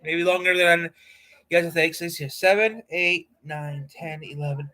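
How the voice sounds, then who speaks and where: A man's voice: a little high, steady tone, normal speed, sharp tone. A man hosting a casual live stream from a cold room in a house, rambling with hesitant fillers. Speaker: livestream host.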